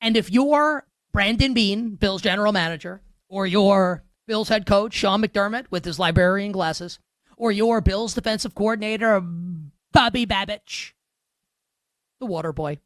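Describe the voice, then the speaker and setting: A man hosting a sports betting show, ranting sarcastically through an animated monologue of game commentary. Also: high-pitched, measured pace, no room sound, clean studio sound.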